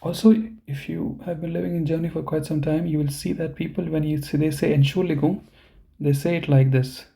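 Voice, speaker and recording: A male language teacher explains sentence structure in an online lesson, checking in with "okay" and "you know". His voice is gravelly and dark, set slightly high for a man. He talks into a computer microphone. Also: level tone, fairly quick, few pauses. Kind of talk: online class lecture.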